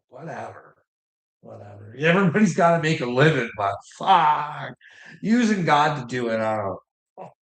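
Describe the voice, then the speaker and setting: A man ranting about news headlines with heavy swearing and sarcasm, often trailing off into mutters. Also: medium pitch. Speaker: commentator reacting to news headlines. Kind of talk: profane ranting commentary.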